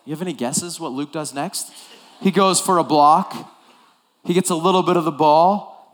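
A man preaching a sermon as pastor, telling a story with animated delivery and acting out the scenes. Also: mid-range voice.

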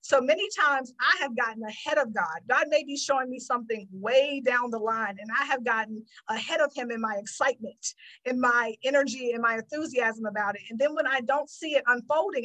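A woman's voice: high voice, fairly quick, sharp tone, low-quality recording. A woman hosting a faith-based motivational podcast, talking earnestly like a preacher and acting out her prayers to God. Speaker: podcast host.

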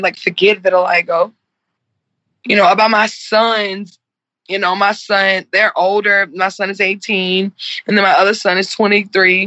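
A woman's voice: mid-range voice, bright, forceful tone, no echo, highs cut off. A woman in her forties, speaking earnestly and with passion in an interview and repeating herself for emphasis. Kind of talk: heartfelt conversational interview.

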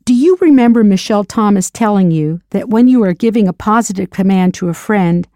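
A woman's voice: mid-range voice, animated, a little fast, dark tone, dry recording, clean studio sound. A woman narrating a scripted audio language lesson as the teacher. She patiently prompts drill questions and then confirms the answers.

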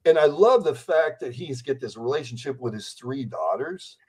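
A man's voice: mid-range voice, lively intonation, normal speed, a little mellow, slightly rough. A man in his sixties, a guest on a podcast interview, who talks in a rambling, enthusiastic way. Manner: rambling, enthusiastic, slips into impressions. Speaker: interview guest, celebrity impersonator.

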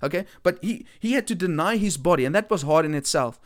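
A man's voice: fairly high pitch, lively intonation, quick pace. A man, an earnest Christian speaker who repeats points for emphasis and often restarts his sentences. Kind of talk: earnest preaching talk.

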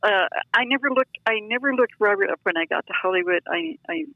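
An older woman telling a personal story in an interview, animated and acting out the voices of the people in it, on a dull lo-fi recording. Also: medium pitch, a little fast, no echo. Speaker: interview guest.

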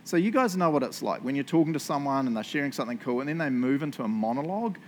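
A man giving a relaxed, joking sermon, often checking in with the congregation. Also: mid-range voice, very fast, slight background noise. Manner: chatty, joking, keeps asking "right?". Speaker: pastor. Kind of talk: casual sermon. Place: church service.

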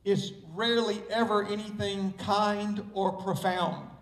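A man's voice: high voice, steady tone, unhurried, fairly bright tone. A man with a Southern US accent preaching a sermon as pastor, stressing and repeating key words. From Southern United States. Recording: echoey room, mic far off.

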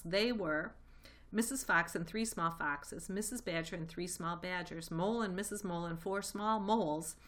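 A woman reading a children's storybook aloud, lively and expressive. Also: medium pitch. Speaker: reader. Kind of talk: storybook read-aloud narration.

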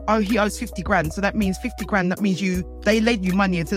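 A woman's voice: medium pitch, steady tone, fast, hardly any pauses. London woman chatting, faint music behind. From England. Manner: exclamatory, calls people girl and boy. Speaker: podcast co-host. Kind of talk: casual chat.

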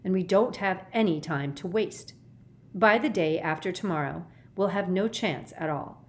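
Woman as steady thoughtful boy, reassuring, low-key. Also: moderate pace, lightly acted. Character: calm thoughtful boy leader, Reynie.

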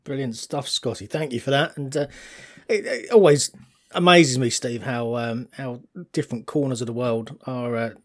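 A man with a middle-pitched voice co-hosting a casual podcast. He sounds friendly and a touch hesitant, with plenty of small fillers and restarts. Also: moderate pace. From United Kingdom. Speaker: podcast co-host.

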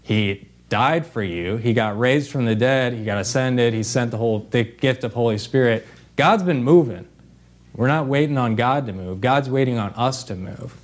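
A man's voice: mid-range voice, normal speed. A man preaching an informal sermon in a conversational way, with fillers and restarts.

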